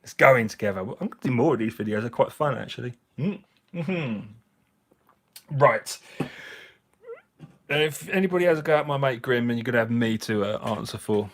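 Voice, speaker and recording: A man's voice: medium pitch, animated, moderate pace, long pauses. A man, slightly drunk, hosting a casual live chat with viewers, jokey and chatty and laughing often. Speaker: livestream host. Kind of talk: casual live chat while cleaning finds.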